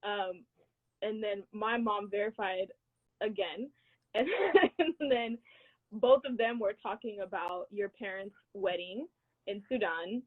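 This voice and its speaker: A young woman from the United States, co-hosting a casual chat and telling a story in a lively way, laughing often. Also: mid-range voice, slow. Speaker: co-host. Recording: tinny phone-like line.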